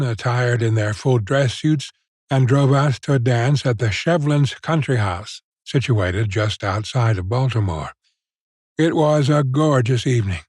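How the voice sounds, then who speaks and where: A man narrates a classic short story as an audiobook. His voice sits at a middle pitch, and his delivery is measured and expressive. The recording is dry and close. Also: no room sound.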